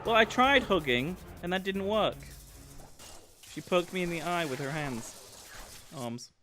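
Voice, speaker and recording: A man's voice: high voice, animated, normal speed, over music. A man giving chatty, self-mocking commentary while livestreaming a video game. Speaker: livestream gamer. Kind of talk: casual gameplay commentary.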